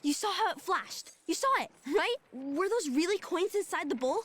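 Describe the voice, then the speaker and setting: A woman's voice: very high-pitched, lively intonation, moderate pace, a bit bright. A woman voicing a sick young child in care, curious and full of eager questions in a video game. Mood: excited.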